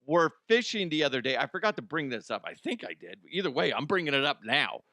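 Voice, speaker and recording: Animated, exasperated man ranting. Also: fairly high pitch, quick pace, no room sound, studio quality. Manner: exasperated, swears freely. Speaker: comedy podcast host. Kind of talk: casual comedic rant.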